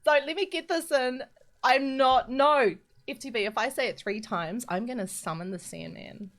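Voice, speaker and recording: A woman's voice: sits high, normal speed. A woman, streaming live, chatting and giggling as she reads out chat messages between explanations. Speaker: streamer teaching map building. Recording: background music under the voice.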